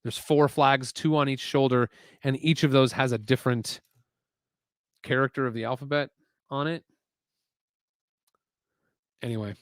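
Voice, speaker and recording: Male streamer host, casual and chatty, mid-pitched voice, dry close sound. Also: normal speed, pauses often, a little mellow, dry recording. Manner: chatty, muses aloud, reads chat messages. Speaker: LEGO building livestream host. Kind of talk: casual livestream chat while building. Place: home garage.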